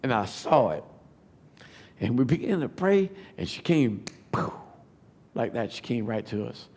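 A man, giving a testimony sermon that builds to fervent shouting. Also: medium pitch, big pitch swings, a little slow. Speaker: preacher.

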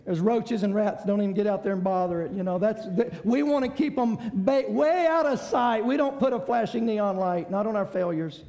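A man preaching a sermon, swinging between shouted climaxes and hushed passages. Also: sits high, moderate pace, gravelly, hardly any pauses.

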